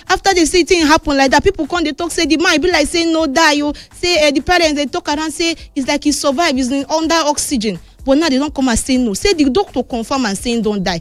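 A woman with a Nigerian Pidgin accent presenting a chatty sports news roundup, moving between excited and somber tones. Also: high voice, dry recording. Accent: Nigerian Pidgin English.

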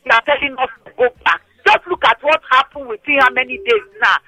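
A woman radio phone-in host speaking Nigerian Pidgin, giving animated, scolding commentary on air. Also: high voice, fast talker, breathy edge, dry recording, faint music behind, poor audio. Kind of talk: casual radio phone-in chat.

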